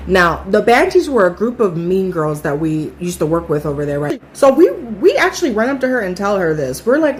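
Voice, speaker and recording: A woman in her thirties telling a casual storytime, chatty and animated, acting out what other people said. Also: mid-range voice, normal speed, few pauses, a little hiss or hum. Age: 30s.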